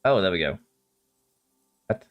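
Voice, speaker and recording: A man streaming a racing management game, talking excitedly to his drivers and reading chat. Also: low-pitched, a little slow, lo-fi sound. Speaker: gaming streamer. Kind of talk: live game commentary.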